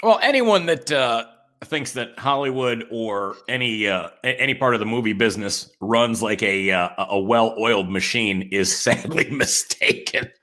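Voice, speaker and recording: A man's voice: mid-range voice, normal speed, sharp tone. A man hosting a casual interview, enthusiastic, laughing often and plugging his guest. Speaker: host.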